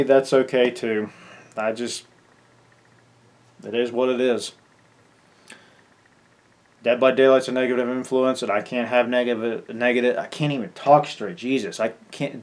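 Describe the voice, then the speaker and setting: A man's voice: medium pitch, normal speed. A gaming content creator venting in an angry farewell rant, swearing and stumbling over his words.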